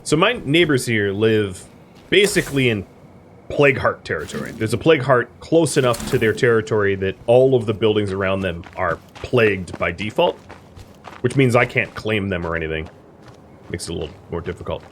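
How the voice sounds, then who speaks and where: Man, streamer, low voice, relaxed game commentary, chatty explainer with fillers, faint background hum. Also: moderate pace. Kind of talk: casual gameplay commentary.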